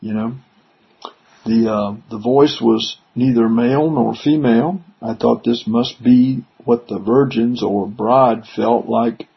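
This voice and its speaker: Man, gravelly, very husky voice, slow delivery, lo-fi muffled recording, bible teaching. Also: mid-range voice. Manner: reads verses then explains them conversationally. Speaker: preacher. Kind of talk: scripture reading and commentary. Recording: dull lo-fi recording.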